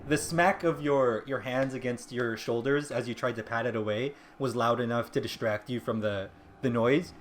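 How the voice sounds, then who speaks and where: A man narrating as game master of a tabletop game, often pausing with ums and restarting sentences. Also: mid-range voice, slight background noise. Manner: hesitant, full of ums and restarts. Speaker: dungeon master.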